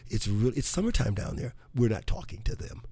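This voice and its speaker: A man's voice: mid-range voice, sing-song, a little fast, warm tone, a little hiss or hum. A man hosting a motivational radio show, talking in a folksy, upbeat way and joking with listeners from a studio. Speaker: radio host.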